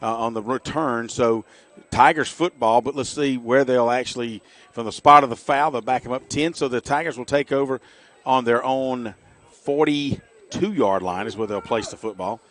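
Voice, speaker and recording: A middle-aged man giving chatty, folksy color commentary on a high school football game for radio. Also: moderate pace, fairly bright tone, dry recording. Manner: folksy, chatty, jokey asides.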